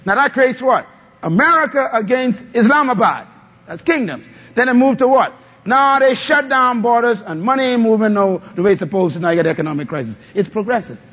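A man's voice: extremely high pitch, expressive, fairly quick, fairly bright tone. A male pastor preaching a sermon, calling on the congregation to answer back. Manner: call-and-response preaching, asks the congregation to answer. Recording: dull lo-fi sound.

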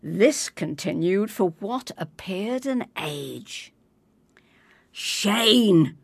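A woman reads a humorous story very slowly, her fairly low voice rising and falling with lively expression. The sound is dry and close, with no room around it. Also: vocal fry, no room sound. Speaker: reader. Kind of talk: storytelling reading.

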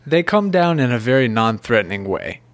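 A man's voice: medium pitch, big pitch swings, a little fast, no room sound. Male podcast host, casual film recap, jokey rambler, dry close sound. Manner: rambling, jokey, puts on silly voices. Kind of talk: casual movie review chat.

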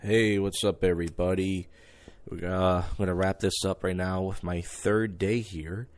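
A deep-voiced man wraps up his trip in a casual vlog, talking loosely and stopping often to restart his thoughts. He sounds relaxed and unscripted. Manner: loose, halting, filler-heavy. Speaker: vlogger. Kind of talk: casual travel recap.

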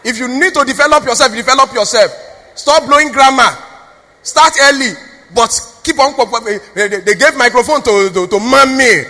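A woman with a Nigerian accent preaches in a very high, bright voice, pressing the congregation with repeated questions. Her sermon rings out with the long reverb of a church hall. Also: fairly quick. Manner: exhorting, call-and-response with the crowd. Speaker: preacher, pastor's wife.

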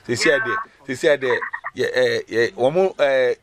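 A man with a Ghanaian accent recounts his personal testimony on a video call against a noisy background. His delivery is animated and story-driven, with pitch swinging high and low at a normal speed.

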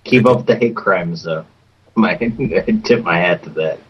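A man's voice: sits low, measured pace, husky, dull audio. A man co-hosting a prank call show, making dry sarcastic jokes in casual chat.

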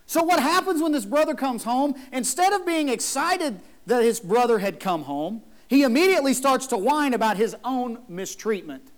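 A man's voice: high voice, lively intonation, fairly quick. A man preaching a sermon as a pastor in a church, emphatic, acting out the people in his story. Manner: emphatic, acts out the whining brother.

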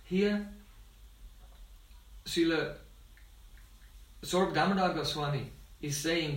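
A man's voice: a little high, moderate pace, a bit bright. A man, a spiritual teacher, giving a devotional talk as a storyteller who often checks in with his listeners. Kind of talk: devotional discourse. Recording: roomy, distant mic.

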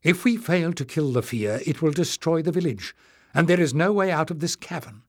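A man's voice: on the high side, expressive, normal speed, pitched above the performer's own voice. Figure: a man voicing a defiant young hero. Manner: raised, urgent.

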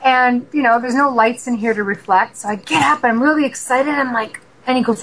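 A woman from Canada, a paranormal investigator, telling stories as a radio guest in an animated way and acting out dialogue. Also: on the high side, brisk, few pauses, poor audio. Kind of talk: casual storytelling interview.

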